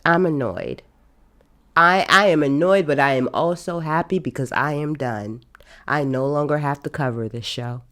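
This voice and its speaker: A woman's voice: sits low, lively intonation, normal speed, fairly bright tone. A woman hosting a casual podcast, giving an exasperated, emphatic rant with lots of repetition. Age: adult. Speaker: podcast host.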